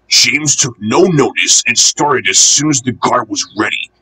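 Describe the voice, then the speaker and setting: A man reading a children's storybook aloud, with expressive, lively narration. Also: medium pitch, measured pace, hardly any pauses, breathy edge, low-quality recording.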